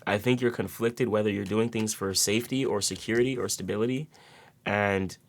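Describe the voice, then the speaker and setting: A man's voice: fairly low pitch, steady tone, fairly quick, slight background noise. A man giving a casual tarot reading to his viewers, rambling with repeated words and many fillers. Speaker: tarot reader.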